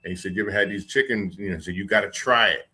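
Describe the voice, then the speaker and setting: A man recounts old stories as a guest in a casual talk. His low, husky voice carries a bright, forceful edge, and he speaks in slow, halting bursts with frequent restarts. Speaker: guest, former security man. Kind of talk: casual interview chat.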